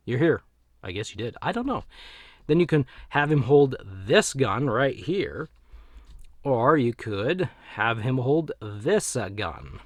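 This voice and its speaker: A man chats his way through a toy review at an easy, middle pitch, correcting himself and trailing off as he goes. His voice comes through dry and close, with no room sound around it. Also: no echo. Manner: rambling, self-correcting, chuckles to himself. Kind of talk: casual action figure review.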